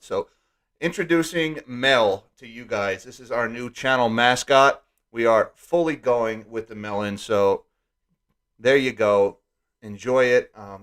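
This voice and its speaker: A man's voice: mid-range voice, a bit bright. A man hosting a live stream, talking casually with wry jokes and asides. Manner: wry and joking, lots of asides.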